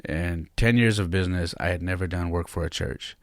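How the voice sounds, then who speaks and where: A man's voice: sits low, brisk, no echo, clean studio sound. A man in his thirties, a podcast host, candidly telling a personal story in a reflective, heartfelt way.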